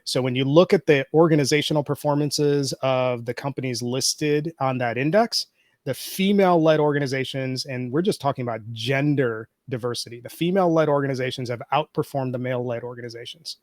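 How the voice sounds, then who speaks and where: A man in the guest seat lays out his points in a measured, explanatory way, building his case step by step from data. His voice sits in a middle pitch. The sound is dry and close, with no room around it. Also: dry recording. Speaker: guest, podcaster. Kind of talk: interview answers.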